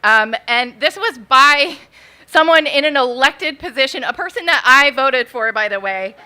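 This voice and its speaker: A woman's voice: high voice, animated, normal speed, bright, forceful tone, clean tone. A woman in her thirties telling a true story on stage at a live event, nervous and chatty, with many fillers and "like"s. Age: 30s.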